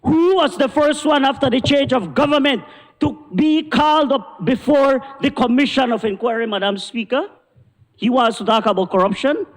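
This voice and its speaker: A man with a Belizean accent, a government minister giving a forceful, indignant speech in parliament. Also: extremely high pitch, normal speed. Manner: forceful, indignant oratory, repeating "Madam Speaker". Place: parliament chamber. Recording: long chamber reverb.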